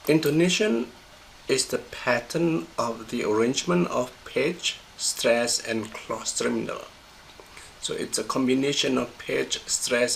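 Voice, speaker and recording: A man, a university lecturer, giving a recorded pronunciation lesson, explaining slowly and methodically, repeating examples and correcting himself. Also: mid-range voice, vocal fry, a little hiss or hum, low-quality recording.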